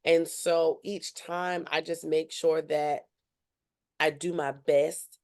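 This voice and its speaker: A young woman, a student journalist, telling her story as a podcast guest in an animated way and acting out what others said. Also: low voice, takes it slowly. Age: young adult. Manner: animated, acts out other people's lines. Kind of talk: casual interview storytelling.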